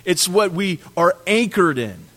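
A man preaching a sermon, animated, swinging between loud emphasis and quiet drops on key words. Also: high voice, measured pace. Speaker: pastor.

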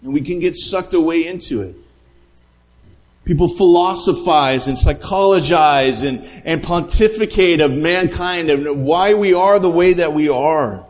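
Male pastor, sermon delivery, animated storyteller, slightly high-pitched. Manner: animated storytelling with quoted voices.

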